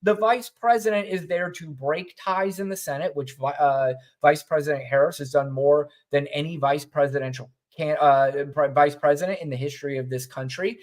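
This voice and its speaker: A man's voice: a little high, moderate pace, few pauses. A man co-hosting a podcast, talking through politics in loose, rambling commentary. His tone is wry, and he swears freely. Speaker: podcast co-host.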